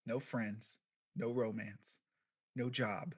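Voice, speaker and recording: A man of middle pitch telling his own story as a keynote talk, speaking quietly and reflectively. He leans on deliberate pauses between phrases and lets his sentences trail into short fragments. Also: fairly even intonation, slightly rough. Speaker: keynote speaker, podcast founder.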